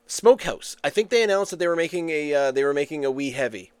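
A man's voice: fairly high pitch, animated, fast talker, darkish tone, clear, resonant tone, no echo. A man hosting a podcast in casual chat, reading facts he looks up online. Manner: chatty, reads facts off the internet aloud. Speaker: podcast host.

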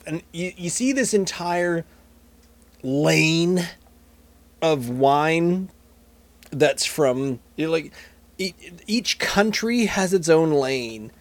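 A man's voice: on the high side, lively intonation, takes it slowly, no room sound. A man hosting a casual beer podcast, rambling and joking at himself as he tastes. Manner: rambling, jokey, self-mocking. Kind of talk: casual solo chat while tasting beer.

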